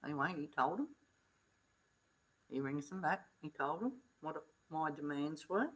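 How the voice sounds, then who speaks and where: A woman's voice: low-pitched, lively intonation, measured pace, low-quality recording. A middle-aged woman vlogging, earnestly retelling events in blunt, casual talk. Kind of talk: casual storytelling vlog.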